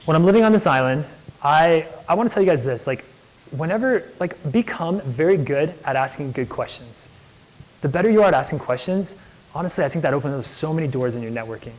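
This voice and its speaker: A man's voice: a little high, animated, fast talker, low-quality recording. Chatty young man giving a lecture. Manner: enthusiastic, chatty, many "like" fillers. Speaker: entrepreneur guest speaker. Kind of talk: casual lecture storytelling. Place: lecture hall.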